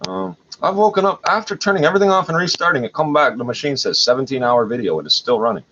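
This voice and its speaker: A man's voice: on the high side, animated, fast, a bit bright. A man at home hosting a livestream, rambling in an agitated, profane way. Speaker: livestream host. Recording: dull lo-fi audio with faint noise.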